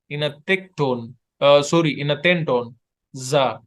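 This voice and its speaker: A man teaching letters one by one, speaking slowly and patiently. His voice sits a little high, and his English is halting as he repeats each sound for his student. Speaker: Arabic tutor. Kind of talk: one-on-one online language lesson.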